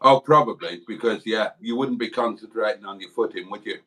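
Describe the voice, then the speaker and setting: A man's voice: fairly low pitch, fairly quick. A man hosting a late-night live stream, teasing his co-host with cheeky banter. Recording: off-mic with loud music behind.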